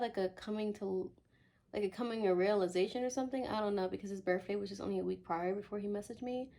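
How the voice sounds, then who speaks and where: A young woman rants on her vlog in a loose, chatty way, full of fillers, and slips into little acted-out quotes. Her voice sits at a middling pitch with a steady gravelly fry. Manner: chatty storytelling, filler-heavy, acts out quotes. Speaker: vlogger. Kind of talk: casual vlog rant.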